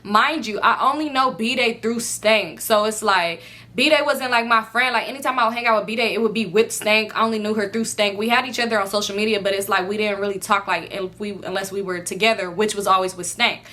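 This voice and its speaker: A young adult woman vlogger in casual storytime, talking in an animated, profane way and acting out what others said. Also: medium pitch, a little fast. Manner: animated, profane, acts out quoted lines.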